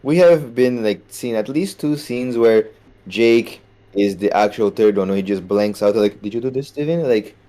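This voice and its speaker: Mellow-voiced man thinking aloud. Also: fairly low pitch, measured pace. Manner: thinks aloud with many fillers. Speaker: podcast co-host. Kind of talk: casual chat.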